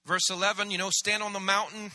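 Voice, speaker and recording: A man pastor preaching a sermon, animated, acting out the voices of biblical figures. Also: high-pitched, fast talker. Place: church sanctuary. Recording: church hall reverb.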